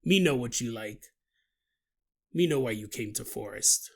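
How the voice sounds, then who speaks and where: A man voicing a big, lonely male Bigfoot who talks in broken caveman grammar with a deep, slow voice. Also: lively intonation, creaky. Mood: knowing.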